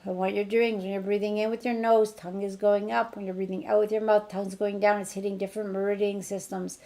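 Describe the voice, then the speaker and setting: A middle-aged woman teaching an energy healing technique in a chatty online class, her voice rising brightly when she acts out what she tells others. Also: medium pitch, flat delivery, quick pace. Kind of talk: casual online teaching demonstration.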